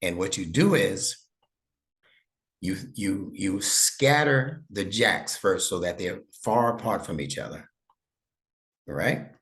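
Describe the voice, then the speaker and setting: A man's voice: low voice, lively intonation, takes it slowly, long pauses, a bit bright. A middle-aged man tutoring a young student one-on-one, explaining patiently step by step and checking that he is understood. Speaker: Arabic instructor and imam.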